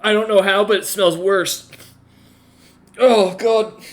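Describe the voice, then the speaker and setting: A man's voice: sits high, fairly even intonation, takes it slowly. A man voicing an exasperated male magic user who sighs and complains wearily about a stench in a tabletop game. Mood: disgusted. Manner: sighing, weary complaints.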